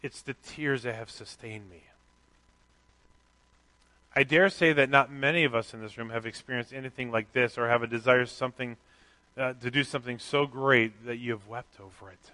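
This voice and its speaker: Middle-aged guy preaching, bright tense voice, chatty and candid, pokes fun at himself. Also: medium pitch, steady tone, moderate pace. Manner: candid, conversational preaching with self-deprecating asides. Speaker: pastor. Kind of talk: sermon.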